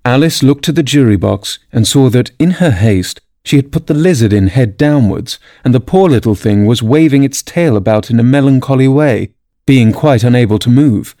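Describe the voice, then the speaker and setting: A man narrating a classic storybook aloud in scripted, expressive storytelling. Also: medium pitch, moderate pace, dry recording, clean studio sound. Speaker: audiobook narrator.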